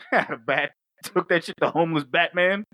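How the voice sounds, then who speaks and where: A man's voice: a little high, normal speed, sharp tone, no echo. A man co-hosting a podcast, reviewing a movie in casual, profane chat and acting out scenes with laughter. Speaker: podcast co-host.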